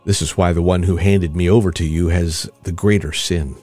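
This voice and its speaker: A man reading aloud the words of a calm, accused teacher-king, measured and steady. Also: sits low, faint music behind.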